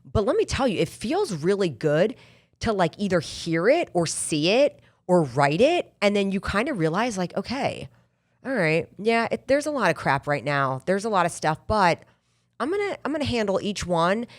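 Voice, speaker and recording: A woman's voice: mid-range voice, very animated, moderate pace. A middle-aged woman hosting a podcast, talking candidly and rambling in a casual motivational monologue with many restarts. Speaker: podcast host.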